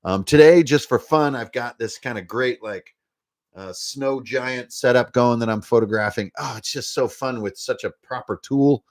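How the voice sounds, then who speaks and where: A man's voice: mid-range voice, moderate pace. A man with a folksy rural American drawl, hosting a casual vlog in a rambling, jokey, profane and self-mocking way. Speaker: tabletop game designer and channel host. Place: indoor studio with shelves.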